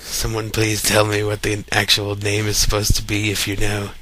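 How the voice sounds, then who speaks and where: A young man from Kentucky, with a light Kentucky accent and a fairly low voice, reads a word list aloud one word at a time for a voice meme. He keeps a moderate pace and sounds relaxed and chatty, with slight background noise.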